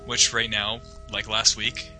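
A man's voice: lowish voice, little pitch movement, measured pace, pushed and bright, faint music behind, low-quality recording. A young man telling a long, rambling story in a casual chat, filling it with "like" and acting out the voices of the people in it. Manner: rambling, full of "like", acts out quoted voices.

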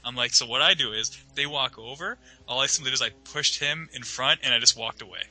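Fast-talking young man telling a rambling story. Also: mid-range voice, bright, forceful tone, poor audio. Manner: rambling, full of "like", acts out quoted voices. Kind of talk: casual storytelling chat.

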